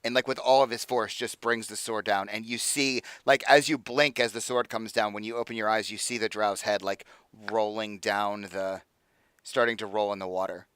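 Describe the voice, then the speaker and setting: A man's voice: fairly low pitch, steady tone, moderate pace, a bit bright, clean tone, no room sound. A man narrating as dungeon master of a tabletop game, talking loosely with many fillers.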